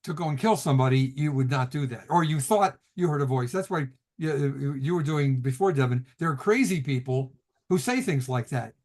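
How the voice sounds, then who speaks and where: A man's voice: mid-range voice, animated, normal speed, a little mellow. A middle-aged man, a rabbi, teaching a class over a video call, telling stories casually with laughs and restarts. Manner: chatty storyteller, laughs often, restarts sentences.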